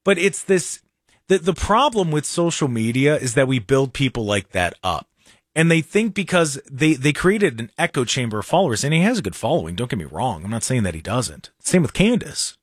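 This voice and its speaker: A man's voice: mid-range voice, sing-song, normal speed, no echo, studio quality. A man hosting a radio talk show, talking casually and sarcastically with mocking asides. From Ohio.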